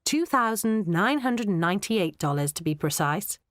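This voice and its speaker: A woman narrating a children's audiobook in an expressive storytelling manner, close to a studio mic. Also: medium pitch, normal speed, no room sound. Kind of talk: scripted narration.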